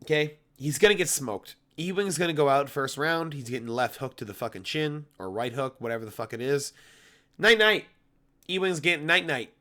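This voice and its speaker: A man's voice: medium pitch, lively intonation, fairly quick, hardly any pauses, pushed and bright. Brash, rambling male fight pundit. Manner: brash, rambling and emphatic, with heavy swearing. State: voice getting hoarse. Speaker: MMA fight analyst. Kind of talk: casual fight predictions.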